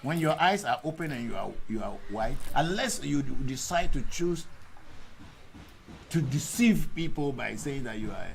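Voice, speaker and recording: A man's voice: mid-range voice, animated, normal speed, vocal fry, poor audio. A man with a mid-range voice hosts a live question-and-answer stream as a Vodu priest. He answers viewers directly and combatively and hammers his points by repeating them. Faint ambient noise sits under his voice. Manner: blunt, combative replies to critics, repeats himself for emphasis. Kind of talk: live Q&A reading out viewer comments.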